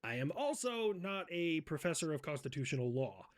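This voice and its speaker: Profane mocking man, slightly high voice. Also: big pitch swings, normal speed. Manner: profane, mocking, with shouted outbursts. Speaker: host. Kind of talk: satirical comedy role-play.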